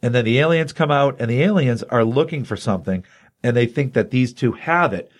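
A male podcast host retells a comic book's plot in a casual, animated way. His voice sits at a middle pitch, and he is chatting with a co-host. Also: brisk. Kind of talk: casual comic book review chat.

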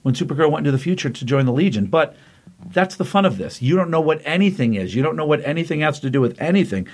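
A man's voice: a little high, expressive, fast. A man hosting a casual podcast, retelling a comic book plot with rambling enthusiasm and lots of fillers. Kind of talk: casual chat recapping a comic.

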